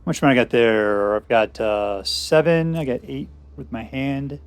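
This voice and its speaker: A man's voice: mid-range voice, measured pace, smooth, no room sound. Man casually narrating his own gameplay. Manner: talks to himself, counting cards aloud, sarcastic. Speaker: game commentator.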